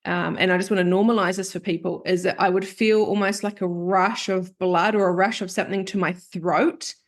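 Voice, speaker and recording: A woman's voice: on the low side, steady tone, brisk. A woman who hosts a podcast and works as a therapist, talking openly in a confessional, storytelling way. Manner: open, confessional storytelling that acts out remembered quotes. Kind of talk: candid podcast conversation.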